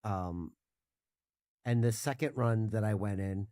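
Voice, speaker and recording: A man's voice: lowish voice, unhurried, mellow, dry recording, studio quality. A man, a podcast guest, chatting casually about a video game, rambling with frequent restarts and self-corrections.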